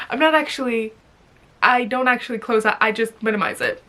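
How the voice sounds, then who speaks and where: A woman's voice: fairly high pitch, big pitch swings, normal speed, sharp tone. A young woman vlogging in a rambling, giggly casual chat, full of fillers.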